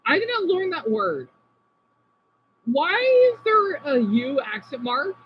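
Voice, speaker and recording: High, lively-voiced woman chatting to viewers. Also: slow, lo-fi sound, slight background noise. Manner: chatty, talks to viewers by name, sounds out words. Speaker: livestreamer reading chat. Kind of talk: casual live-stream chat.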